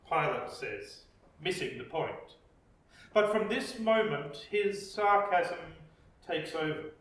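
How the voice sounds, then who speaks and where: Slow-preaching man in an echoey church. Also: on the high side, animated, fairly bright tone. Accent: Australian. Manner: slow, reflective preaching with dramatic pauses. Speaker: pastor. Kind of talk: sermon. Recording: echoey church, distant mic.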